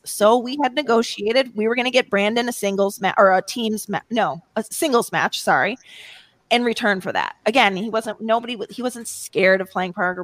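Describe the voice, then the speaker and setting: A woman's voice: mid-range voice, no room sound. Rambling woman guest on a podcast, dry sound. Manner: rambling, many restarts and laughs. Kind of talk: casual podcast chat.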